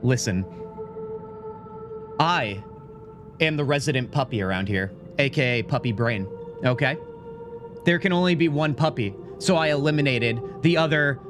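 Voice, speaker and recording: A man live-streaming a game, chatting with his viewers in an animated, mock-indignant, joking way into a desk microphone. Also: medium pitch, normal speed, pauses often, over music. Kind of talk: casual gaming live stream, talking to chat.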